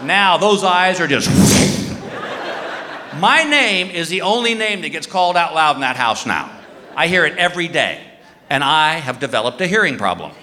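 A man's voice: on the high side, very animated, measured pace. A man in his fifties doing a self-mocking stand-up routine, acting out the dialogue in his stories. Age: 50s. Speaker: stand-up comedian. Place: live comedy venue on stage. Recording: live hall reverb, audience noise.

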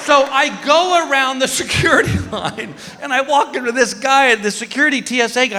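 High, animated male stand-up comic. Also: normal speed, hardly any pauses, some chatter behind. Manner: animated, exasperated storyteller. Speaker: comedian. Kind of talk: stand-up storytelling. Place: live stage. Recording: reverberant stage hall with faint ambience.

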